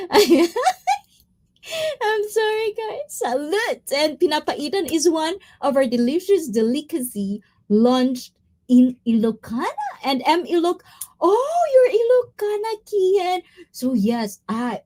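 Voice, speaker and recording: Excitable woman streamer, lively pitch. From Philippines. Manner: excitable, giggly, greets viewers by name. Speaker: livestreamer reading chat. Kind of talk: casual live-stream chat.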